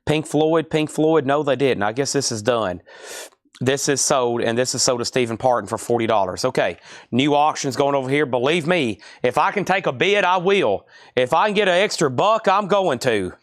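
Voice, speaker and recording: A man's voice: medium pitch, expressive, normal speed, no room sound, studio quality. A man running a live record auction stream, rattling off prices and bidder names with chatty asides to viewers.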